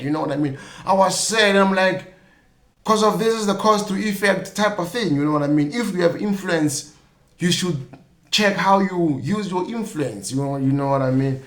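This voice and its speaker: Chatty South African man in an echoey room. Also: on the high side. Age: young adult. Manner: loose and chatty, many fillers like "you know what I mean", jokey asides. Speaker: podcast host. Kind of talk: casual solo commentary.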